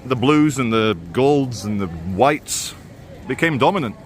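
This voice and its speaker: Speaking a little slowly in an expressive, medium-pitched voice, the host narrates his handheld phone vlog. He rambles through city streets and a mall, dropping sardonic asides over slight background noise.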